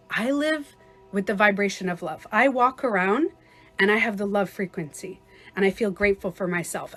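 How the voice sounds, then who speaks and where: A woman life coach giving a casual livestream talk, chatty and quick to laugh, acting out little scenarios as she explains. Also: mid-range voice, a bit bright.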